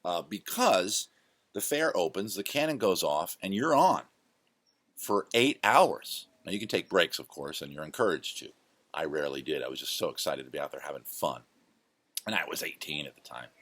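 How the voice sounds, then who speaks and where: A man's voice: low-pitched, expressive, normal speed, a bit bright, no echo. A man hosting his own show, casually telling rambling, self-correcting stories from his past. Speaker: host. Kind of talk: casual storytelling monologue.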